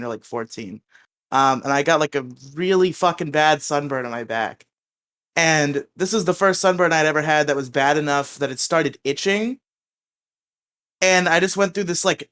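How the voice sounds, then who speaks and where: A man's voice: on the high side, fairly bright tone. Laughing, rambling young man. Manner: rambling, swearing, self-mocking with frequent laughs. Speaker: podcast co-host. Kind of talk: casual chat.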